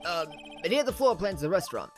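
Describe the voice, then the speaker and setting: A clumsy, loyal police detective from a courtroom game, put on by a player reading aloud, with an attempted Brooklyn accent. He stammers and apologizes, his pitch bouncing widely. Faint music plays behind. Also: very animated, racing, lightly acted. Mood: flustered. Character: bumbling male police detective, loyal and flustered.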